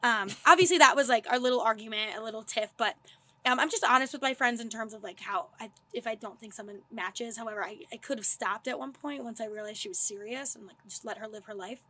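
A young woman co-hosting a podcast, telling animated stories in casual chat and swearing freely. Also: a little high, fast. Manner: animated storytelling, swears and laughs often. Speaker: podcast co-host.

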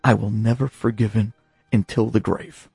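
A man voicing a hurt, stubborn young bride in a story, speaking quietly and resentfully. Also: on the low side, fairly even intonation, normal speed, gravelly, slightly rough, no room sound, studio quality, faint music behind, pitched below the performer's own voice, heavily acted. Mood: bitter.

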